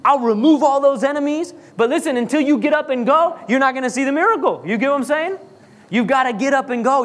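A man's voice: extremely high pitch, a bit bright. A man preaching a sermon, driving points home with rhetorical questions and repetition. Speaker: pastor. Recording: long hall reverb.

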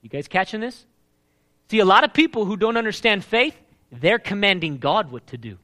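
A pastor preaching a live sermon, animated and emphatic, often checking in with the congregation. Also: male voice, high voice, normal speed.

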